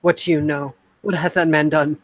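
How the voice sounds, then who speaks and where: A man's voice: fairly high pitch, little pitch movement, normal speed, close to an everyday voice, rough recording. A man voicing a grieving old woman in a tabletop game, pleading through tears for her sick grandson. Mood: fearful. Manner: pleading, tearful and then vengeful.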